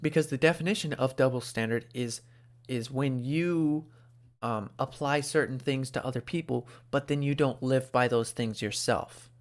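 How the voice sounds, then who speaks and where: A man hosting an opinionated commentary show, animated and sarcastic, talking close to the microphone. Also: mid-range voice, normal speed. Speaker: host.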